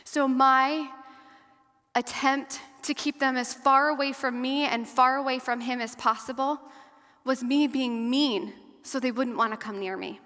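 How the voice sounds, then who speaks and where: Woman guest speaker, fairly high voice, earnest testimony, measured delivery, long hall reverb. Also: steady tone. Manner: earnest and measured, slowing and softening at hard moments. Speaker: guest speaker and survivor advocate. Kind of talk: personal testimony talk to an audience. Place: large hall or church.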